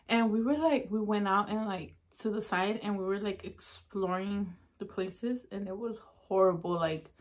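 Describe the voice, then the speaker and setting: A woman hosting an eating show, telling a spooky story in a casual, chatty way, using "like" constantly and dropping to a hush at the eerie parts. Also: medium pitch. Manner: chatty, heavy use of "like" fillers; drops to a hushed tone at eerie moments. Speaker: mukbang host.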